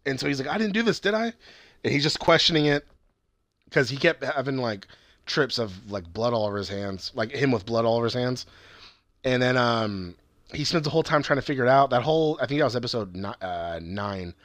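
A man's voice: mid-range voice, expressive, a little fast, fairly bright tone, no room sound. A young man casually recapping a TV series, rambling and swearing as he acts out the characters' lines. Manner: rambling, profane, acts out quotes.

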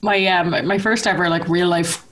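A woman's voice: on the low side, moderate pace. A young Irish woman telling funny stories in casual chat, laughing often and acting out the voices of the people in them. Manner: animated storyteller, laughs a lot, acts out voices.

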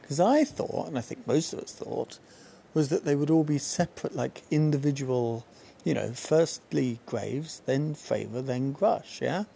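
A man's voice: medium pitch, unhurried, creaky, dark tone, slight background noise. A man hosting a solo podcast outdoors on a balcony, chatting casually and wandering off on tangents. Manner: rambling, jumps between tangents. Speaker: podcast host.

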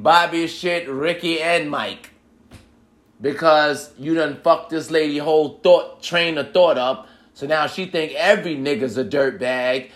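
A man rants straight to the listener in a profane, emphatic monologue, acting out both sides of a date as he goes. His voice sits a little high and comes across bright and forceful. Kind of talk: comedic rant monologue.

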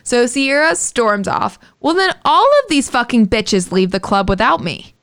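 A woman's voice: a little high, measured pace, clean tone. A woman co-hosting a podcast, telling a story in casual chat with lots of swearing. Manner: animated, profane storytelling. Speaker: podcast co-host.

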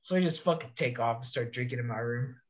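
A man's voice: medium pitch, fast talker. A young man from California, a soldier, telling long profane stories in casual chat. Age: young adult. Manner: profane, rambling storytelling. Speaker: soldier podcast guest.

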